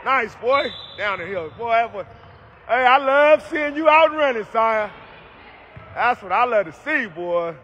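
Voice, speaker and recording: Man, very high voice, youth basketball coach, loud repeated sideline calls, gym. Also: expressive, measured pace, muffled recording, slight background noise. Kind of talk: courtside coaching shouts.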